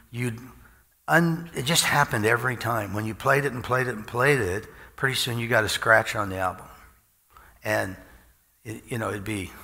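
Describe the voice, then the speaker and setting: A middle-aged man delivers an informal sermon in a folksy, storytelling way, chuckling as he goes. His voice is gravelly with a bright, forceful edge. A long hall reverb trails each phrase. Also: mid-range voice. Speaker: preacher.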